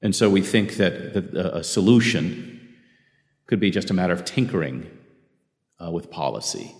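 A man's voice: deep voice, lively intonation, normal speed, long reverb tail. A man preaching a sermon to a group of brothers, earnest, often restarting his phrases. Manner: earnest, self-correcting with repeated restarts.

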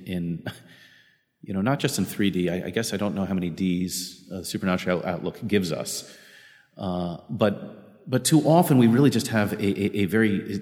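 A man's voice: low voice, darkish tone, long reverb tail. A man preaching a sermon to a group of brothers, earnest, often restarting his phrases. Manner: earnest, self-correcting with repeated restarts.

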